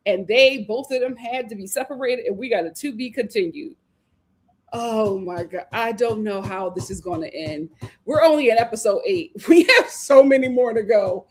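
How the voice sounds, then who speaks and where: A woman hosting a live reality TV review in casual chat, animated, laughing and acting out what the cast said. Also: a little high, normal speed. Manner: animated, acts out cast members' lines, laughs often. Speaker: reality TV recap host.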